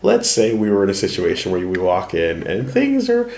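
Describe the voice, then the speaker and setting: A man with a Canadian accent hosting a casual podcast chat in an apartment, animated, swearing and poking fun at himself. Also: deep voice, normal speed. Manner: animated, swears, self-deprecating. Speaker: podcast host. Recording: echoey room.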